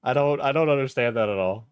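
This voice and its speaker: A man's voice: mid-range voice, a little fast, clear, resonant tone, dry recording, studio quality. A man streaming live, casually rambling through his thoughts with restarts and trailing asides.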